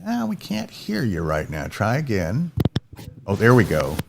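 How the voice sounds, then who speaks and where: A man co-hosting a live call-in show, bringing callers on in a brisk, upbeat way, heard from a distant mic. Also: on the low side, wildly swooping pitch, vocal fry, a little hiss or hum. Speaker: show co-host taking calls.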